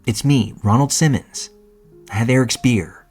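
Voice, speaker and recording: A man's voice: medium pitch, normal speed, darkish tone, breathy edge, soft background music, natural voice. A man voicing a pushy stranger at a door, who insists and pleads over and over. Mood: insistent.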